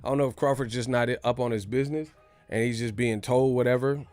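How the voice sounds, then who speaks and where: Animated, profane man on a dry mic. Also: medium pitch, fast talker, no echo, soft background music. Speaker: boxing news host. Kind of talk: casual livestream commentary.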